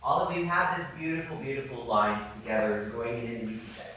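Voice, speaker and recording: Male music coach leading a masterclass, animated and apologetic, heard from a distant mic in a very echoey hall. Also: mid-range voice, fairly quick, slight background noise. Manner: apologetic, animated, demonstrating by singing. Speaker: viola masterclass teacher.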